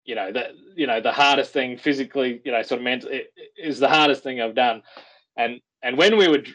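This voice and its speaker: An Australian man, a guest on a podcast, telling a rambling, animated story with frequent restarts. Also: mid-range voice, brisk, rough recording.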